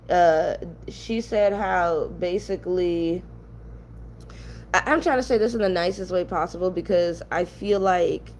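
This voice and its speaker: A woman's voice: lowish voice, darkish tone, a little hiss or hum. Heated, blunt young New woman. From New York. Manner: blunt, ranting, profane. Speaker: commentary channel host. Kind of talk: heated casual commentary.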